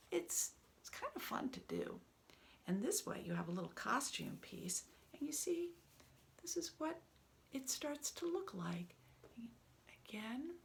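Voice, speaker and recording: Soft-spoken woman reading to children. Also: mid-range voice, gravelly, a little hiss or hum. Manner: gentle, soft, often half-whispered. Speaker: children's librarian storyteller. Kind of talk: children's storytime.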